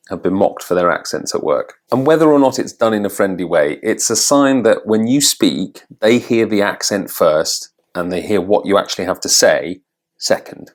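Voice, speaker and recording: An English man who works as an accent coach, narrating a vlog in a thoughtful, candid way with self-deprecating humour. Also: deep voice.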